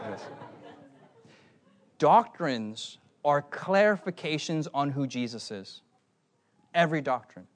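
A man delivers a sermon at a youth conference, animated and playful as he keeps calling out to the audience. His voice sits a little high for a man.

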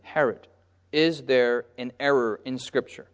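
A man preaching a lively sermon at a middle pitch, stopping mid-verse so his listeners call out the missing word. His voice rings with a long reverb, as in a church hall. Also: smooth. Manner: pauses on a word and asks the listeners "what?" so they call out the answer; lively, acts out the crowds in brief character voices.

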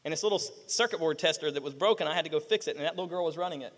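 A middle-aged male pastor preaching a sermon, animated, acting out quotes and firing rhetorical questions at the congregation. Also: on the high side, racing, in a large hall.

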